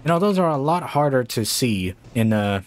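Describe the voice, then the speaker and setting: A man playing a horror game and talking through it casually, with slow, drawn-out remarks that jump to startled shouts and curses. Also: mid-range voice, big pitch swings. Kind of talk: casual let's-play commentary.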